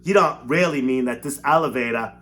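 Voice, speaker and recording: A man voicing an excitable old grandfather who shouts in high, panicky bursts. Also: a little fast, lightly acted. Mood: excited, alarmed.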